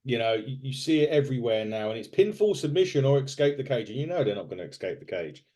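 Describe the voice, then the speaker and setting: He talks fast, mellow in tone, at medium pitch with big swings up and down. The setting is a podcast where he co-hosts a casual wrestling recap, rambling with fillers and restarts throughout.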